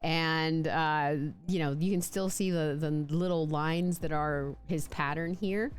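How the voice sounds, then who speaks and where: A woman with a deep voice talks slowly and steadily on a casual live stream, playfully chatting about her pet snakes. She's chatty, full of "likes" and restarts, and now and then puts on silly voices for the snakes.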